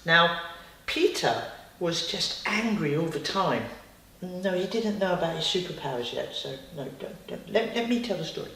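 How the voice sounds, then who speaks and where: A woman telling a bedtime story to a child, with chatty, lively asides. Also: on the low side, moderate pace, slight background noise. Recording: roomy, distant.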